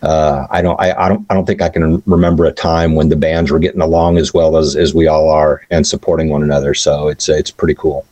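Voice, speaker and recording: Deep, halting musician. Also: male voice, flat delivery, darkish tone, no echo, low-quality recording. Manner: halting, many uhs and repeated words. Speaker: band member guest. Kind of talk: casual interview answers.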